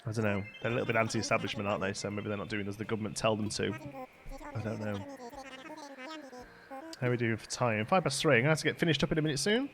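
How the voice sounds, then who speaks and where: A man's voice: fairly low pitch, fast talker, pauses often, crowd noise. Chatty man streaming a game. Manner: chatty and rambling, laughs often, hums and sings snippets. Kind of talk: casual chat while playing a game live.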